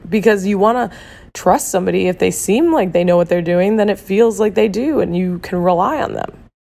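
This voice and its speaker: A woman hosting a casual solo podcast, her voice hoarse and rough after losing it, talking candidly with swearing and lots of fillers. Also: medium pitch, fairly quick, dark tone. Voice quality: rough, gravelly. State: hoarse from a lost voice. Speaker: podcast host.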